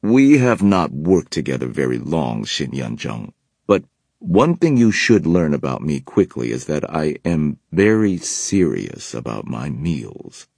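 A man reading as a grand male warlock from a storybook, emphatic about his meals. The voice is very deep and husky. It is recorded dry and close. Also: big pitch swings, a little slow, a little mellow, no echo, heavily acted. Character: flamboyant food-loving male warlock.

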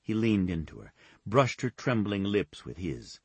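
Husky low-voiced male audiobook narrator. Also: sing-song, measured pace, darkish tone, no room sound. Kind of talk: scripted narration of a romance novel.

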